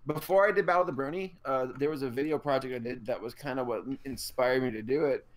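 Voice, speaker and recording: Quick-paced and mid-range in pitch, this podcast co-host is a young man from Georgia in the US. In casual chat he spins rambling stories that poke fun at himself.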